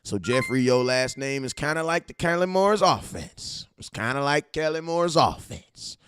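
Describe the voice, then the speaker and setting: A man from California hosting a casual fan-show livestream, hyped and slangy as he shouts out his viewers. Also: medium pitch, animated, moderate pace, clean tone, dry recording. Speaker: livestream host.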